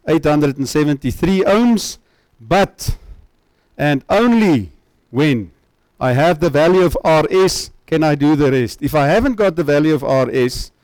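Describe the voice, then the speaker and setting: A man's voice: fairly high pitch, a little mellow, no echo, rough recording. A man giving a university lecture, often checking that students follow with tag questions.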